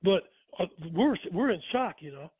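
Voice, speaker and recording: Older man, high voice, rambling folksy storytelling, tinny narrow sound. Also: sing-song, moderate pace, husky, no echo. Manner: rambling, folksy, starts over mid-sentence. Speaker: guest storyteller. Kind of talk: casual anecdote telling. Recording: tinny phone-like dry sound.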